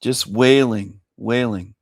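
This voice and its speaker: A man's voice: mid-range voice, steady tone, slow, no room sound, studio quality. A man hosting a talk show, ranting bluntly and scornfully with lots of profanity and repetition. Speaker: show host. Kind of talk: ranting commentary over clips.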